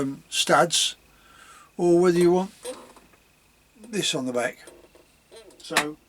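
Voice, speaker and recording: A man's voice: on the high side, a little hiss or hum. A man rambling casually about his leatherwork in a home vlog, chuckling at himself as he goes. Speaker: leatherworking hobbyist.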